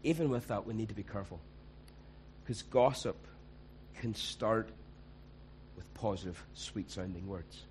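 A man's voice: lowish voice, measured pace, darkish tone, slight background noise, poor audio. A man, preaching a conversational sermon and acting out quoted voices.

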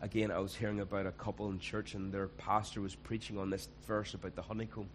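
A man's voice: lowish voice, flat delivery, fast, a little hiss or hum, poor audio. A man, preaching a conversational sermon and acting out quoted voices.

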